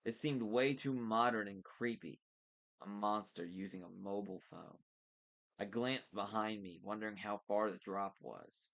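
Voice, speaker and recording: A man with a lowish voice reading a novel aloud at a casual pace. He narrates in a relaxed, unpolished way and restarts lines when he stumbles. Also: a little slow, gravelly. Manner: relaxed, stops to correct slips. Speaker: book reader.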